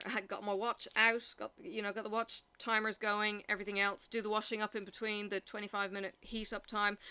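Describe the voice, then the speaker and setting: A woman's voice: mid-range voice, gravelly, bright, forceful tone, clean tone. A woman vlogging at home in the evening, telling long rambling stories in a casual, chatty way with lots of fillers.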